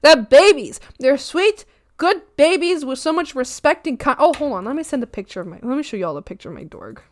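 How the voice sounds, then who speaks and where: A young woman streamer chats on her art stream in a high, lively voice that swoops up into gushing baby talk and giggles. She sits close to a desk mic, and the sound is dry and close. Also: fast, no room sound. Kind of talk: casual stream chat. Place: home streaming setup.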